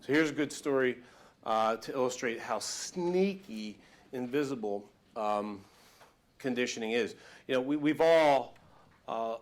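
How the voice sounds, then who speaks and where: A male motivational speaker addresses a workshop audience in a casual, conversational way. His voice sits at an ordinary middle pitch, and he leans into emphasis as he tells his stories. He comes across animated and direct throughout. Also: a little slow. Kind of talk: live motivational workshop talk.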